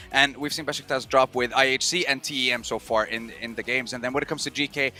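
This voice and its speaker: A man analysing esports matches on a desk, measured and explanatory. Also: mid-range voice, bright, forceful tone.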